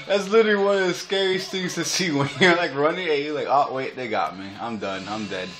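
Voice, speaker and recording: A young man commentating his own video game match, recorded on a phone, excitable and quick to yell, laugh and curse. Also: on the high side, music in the background.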